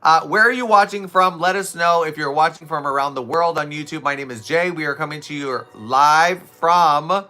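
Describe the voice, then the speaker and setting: A man hosting a casual live stream, talking to viewers with lots of energy and quick laughs. His voice is a bit scratchy and worn from hours of talking and teaching, with a bright, forward tone. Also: a little high. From Southwest Florida. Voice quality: slightly raspy, scratchy from overuse. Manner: chatty, animated, laughs often, talks to viewers' comments. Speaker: live streamer and fitness instructor. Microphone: streaming setup close to camera.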